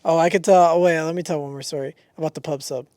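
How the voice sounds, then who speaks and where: A young man co-hosting a casual podcast, an excitable storyteller who laughs often and swears freely. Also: on the high side, quick pace, clear, resonant tone, no room sound. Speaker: podcast co-host. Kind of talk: casual chat.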